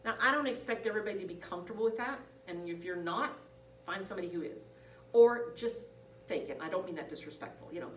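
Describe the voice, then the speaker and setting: A woman's voice: medium pitch, fast. A woman nursing instructor lecturing a class, telling stories and acting out the voices of people in them. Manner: animated storytelling, acts out quoted voices. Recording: roomy, from a distance, faint hum.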